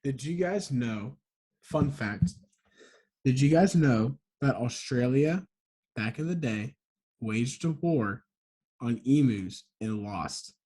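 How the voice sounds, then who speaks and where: A man's voice: medium pitch, lively intonation, slow, mellow, husky. Casual male co-host, rambling storyteller who corrects himself mid-sentence. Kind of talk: casual chat.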